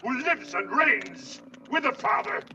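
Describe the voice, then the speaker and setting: An actor playing an elderly priest performing an exorcism, chanting a ritual prayer, heard as a distant film clip. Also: male voice, very high voice, very animated, a little slow, creaky, bright, forceful tone, highs cut off, heavily acted. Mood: solemn. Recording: distant clip with faint background noise.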